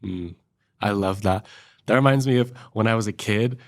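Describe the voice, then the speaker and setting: A young man co-hosting a faith podcast, thoughtful and earnest in casual chat. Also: lowish voice. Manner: thoughtful, earnest, builds his point slowly. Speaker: podcast co-host.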